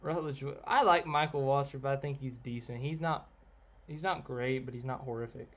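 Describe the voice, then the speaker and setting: A man's voice: medium pitch, steady tone, normal speed, fairly bright tone. A man chatting casually on a live stream, answering viewers and giving blunt opinions in a rambling way. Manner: rambling, opinionated, reads out chat names.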